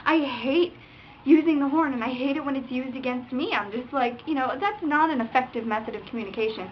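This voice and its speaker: High-pitched young woman ranting animatedly. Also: a little fast. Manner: animated, acts out drivers with sound effects and curses. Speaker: vlogger. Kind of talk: casual storytelling rant. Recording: dull lo-fi webcam audio with faint noise.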